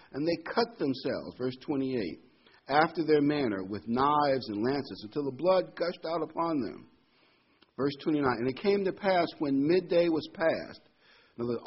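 A man teaching a Bible study in a casual, storytelling way, jumping up in pitch when he quotes people. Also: slight background noise. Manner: conversational, storytelling, jumps to a higher pitch for quoted voices. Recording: dull lo-fi sound.

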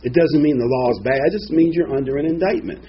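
A man's voice: fairly high pitch, quick pace, breathy edge, muffled recording. A man giving an informal Bible teaching, rambling and digressive, with frequent asides and fillers. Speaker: preacher.

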